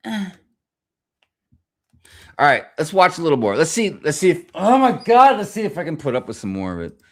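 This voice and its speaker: A man's voice: a little high, big pitch swings, moderate pace, pauses often. A man hosting a livestream, ranting casually in a rambling way and swearing constantly. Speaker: livestream host. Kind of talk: profane casual rant.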